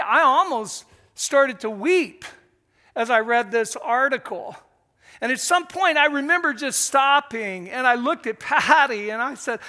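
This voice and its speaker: An older man telling a story in an earnest, emotional sermon style, pausing as he speaks. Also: very high voice, bright, forceful tone.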